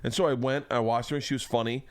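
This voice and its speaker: A man's voice: mid-range voice, fairly even intonation, fast talker, dry recording. A man from Florida hosting a podcast, telling rambling, profane stories. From Florida, USA. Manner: rambling, profane storytelling with restarts. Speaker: podcast host. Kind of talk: casual podcast chat.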